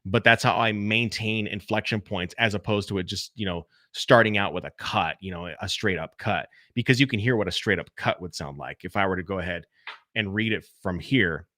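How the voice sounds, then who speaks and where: Chatty guy hosting a live q&a stream, bright forceful voice, dry close sound, talks right to the viewers. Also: fairly low pitch, brisk, dry recording. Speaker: podcast host.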